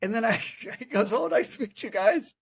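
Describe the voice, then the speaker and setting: Man, high voice, casual comedic storyteller, laughing, animated. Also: moderate pace, creaky, slightly rough. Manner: animated, laughs through stories. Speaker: podcast host.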